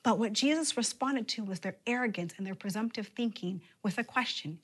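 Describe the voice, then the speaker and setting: A woman preaching with an expressive, shifting delivery. Her voice sits at an ordinary middle pitch for a woman. She lowers it to a near-whisper at times to drive a point home. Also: a little fast, slightly rough. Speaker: pastor. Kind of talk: sermon.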